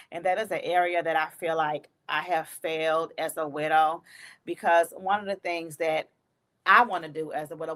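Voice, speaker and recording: A woman's voice: deep voice, fairly bright tone. A woman comedian hosting her own podcast, talking in a heartfelt, emotional way with many fillers. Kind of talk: personal podcast monologue.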